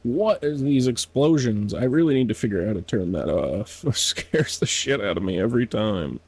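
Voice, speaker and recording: A man's voice: on the low side, very animated, a little fast, vocal fry, a little mellow, slightly rough. A man streaming a game, chatting casually to himself, laughing often and sounding out foreign words. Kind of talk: casual gameplay commentary.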